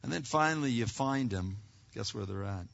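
A man's voice: mid-range voice, animated, normal speed, gravelly, a bit bright. A man preaching a sermon as a pastor, talking conversationally with frequent restarts and repeated words. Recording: dull lo-fi recording.

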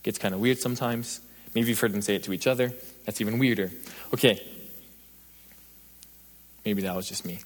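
A young adult man preaching a sermon, mixing scripture with a funny story and building to energetic emphasis. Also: on the low side, normal speed, long pauses, long reverb tail. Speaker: pastor.

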